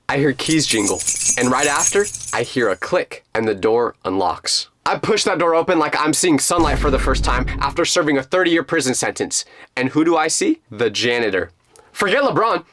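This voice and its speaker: Animated young man telling a funny story. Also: medium pitch, no echo. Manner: lively, jokey, dramatic delivery. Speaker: storytime channel host.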